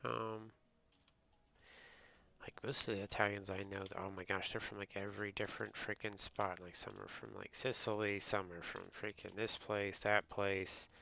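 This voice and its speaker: A man's voice: fairly low pitch, level tone, moderate pace, vocal fry, bright, forceful tone. A man from the United States, a streamer rambling in casual chat and answering his viewers. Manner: rambling, chatty storytelling, reads and answers chat.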